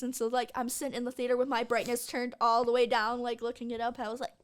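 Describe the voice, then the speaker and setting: A young woman with a slightly high voice chats casually on a podcast. She tells anecdotes and acts out her own reactions along the way. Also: level tone, racing, hardly any pauses. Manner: chatty, tells anecdotes with acted-out asides.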